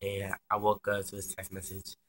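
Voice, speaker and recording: A man's voice: lowish voice, monotone, normal speed, a little hiss or hum. A young man casually telling a personal story, chatty and slangy with lots of swearing. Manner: chatty and slangy, swears freely, many fillers.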